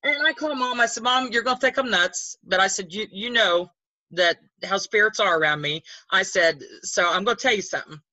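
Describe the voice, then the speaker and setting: An older woman tells stories in a rambling, chatty way, restarting her sentences and acting out the voices of people she quotes. Her voice is bright and a little husky. She is recorded close to the microphone in a dry room. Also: mid-range voice, a little fast, dry recording, rough recording. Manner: chatty, rambling with restarts, animated when quoting. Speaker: guest. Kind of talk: casual storytelling.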